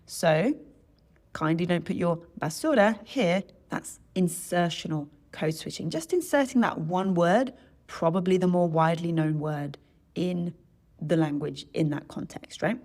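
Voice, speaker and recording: A woman language coach talking through a topic in a relaxed, chatty way, often checking in with "right?" and correcting herself as she goes. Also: on the low side, a little slow. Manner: chatty, self-correcting, tags sentences with "right?". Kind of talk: solo educational podcast talk.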